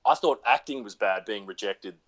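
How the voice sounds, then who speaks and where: A man's voice: lowish voice, normal speed, a bit bright. An Australian man, an actor guest, casually telling self-deprecating stories over a video call from home. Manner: laid-back, self-deprecating storyteller. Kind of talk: casual chat.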